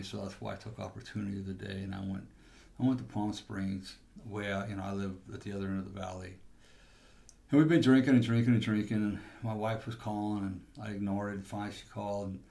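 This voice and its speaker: A man's voice: lowish voice, gravelly, warm tone. A man hosting a podcast, telling a personal testimony in a rambling storytelling way with restarts. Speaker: podcast host.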